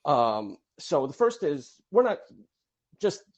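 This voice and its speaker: A man calling in to a podcast, giving quick wry opinions in casual chat. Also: a little high, very animated. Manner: wry, quick opinions, laughs at his own jokes. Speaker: caller.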